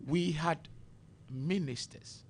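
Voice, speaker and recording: A man's voice: fairly high pitch, takes it slowly, a little hiss or hum. A man from Ghana giving impassioned political commentary on a radio show, preachy and rhetorical, quoting scripture as he grows heated. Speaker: political party member on a radio panel. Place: radio studio.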